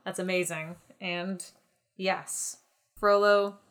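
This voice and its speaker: A woman co-hosting a podcast in casual chat, enthusiastic and quick to restart her sentences. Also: on the low side, steady tone, a bit bright. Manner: enthusiastic, frequent restarts and stammered repeats. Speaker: podcast co-host.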